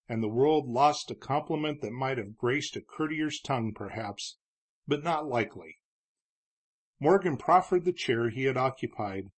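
A man narrating a book in a steady, measured reading voice. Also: medium pitch, slightly rough. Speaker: audiobook narrator. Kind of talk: scripted narration of a western novel.

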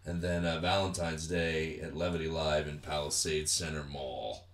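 Very deep-voiced guest comedian. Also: male voice, steady tone, normal speed. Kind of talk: casual comedy podcast chat.

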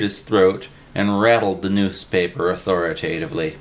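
Male audiobook narrator, lowish voice, steady scripted reading. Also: moderate pace.

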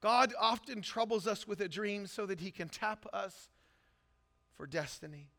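Pastor, male, high and bright voice, blunt intense delivery, hall reverb. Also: a little slow. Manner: blunt, intense, rising to shouts. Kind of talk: sermon.

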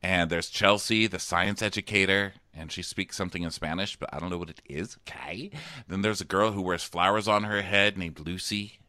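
A man's voice: deep voice, steady tone, normal speed, sharp tone, no room sound, studio quality. A man co-hosting a podcast, chatting sarcastically about a TV show and laughing often. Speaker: podcast co-host. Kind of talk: casual chat recapping a TV show.

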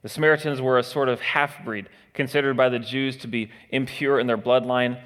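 A man preaching a sermon in a conversational way, pausing with frequent "uh" fillers and now and then acting out the attitudes he describes. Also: mid-range voice, fairly even intonation, a bit bright. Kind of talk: expository sermon. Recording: long hall reverb.

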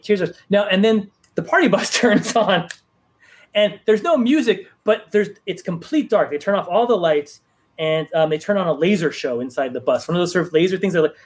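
A man, a comic book writer, telling a long anecdote in a casual chat, with lots of restarts and fillers. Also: high voice. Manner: rambling, many restarts and fillers. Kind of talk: casual storytelling on a live stream.

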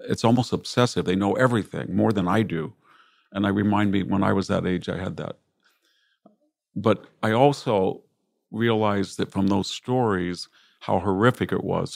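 Older man, very low voice, heavy vocal fry, dry close sound, reflective storytelling guest. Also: darkish tone, no echo. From United States. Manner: reflective, anecdotal, voices relatives in quotes. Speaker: guest, classicist and military historian. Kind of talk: conversational interview storytelling.

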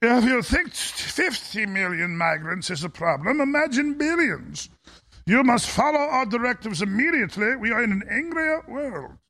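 A sinister older official barks slow, commanding orders in a thick mock-German accent, as a man puts him on. The voice is gravelly and set high. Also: big pitch swings, sharp tone, full character voice. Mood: menacing. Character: menacing older globalist official.

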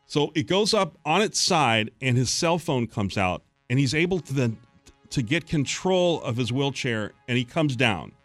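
A man hosting a morning radio show, telling a story in a lively, animated way. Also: medium pitch, moderate pace, dry recording, soft background music.

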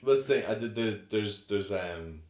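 Low-voiced man chatting in an echoey room. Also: normal speed. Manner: rambling, restarts often, animated when retelling film scenes. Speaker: podcast co-host. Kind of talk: casual chat.

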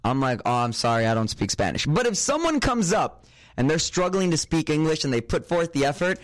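A man co-hosting a podcast, chatting casually in an animated, jokey way. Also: on the high side, a little fast, no room sound. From United States. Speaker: podcast co-host. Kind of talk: casual chat.

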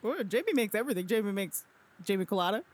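A man's voice: sits high, lively intonation, fast. Party bro, drawling, laid-back, says dude a lot, played by a man.

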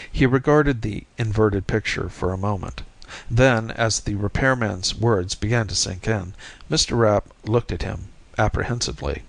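A man narrating a story in a measured, even reading voice. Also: on the low side, vocal fry, no room sound. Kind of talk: audiobook reading.

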